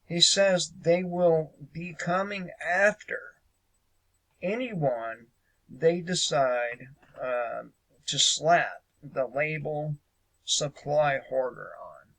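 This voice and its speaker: A man's voice: on the high side, drawn-out words, a bit bright, rough recording. A man hosting a casual political commentary show, speaking hesitantly with lots of fillers and a sarcastic edge.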